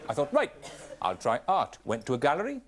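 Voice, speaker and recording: A man, hosting a comedy show and delivering a deadpan stand-up monologue. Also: medium pitch, a little fast. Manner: deadpan comic storytelling. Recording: studio audience laughter.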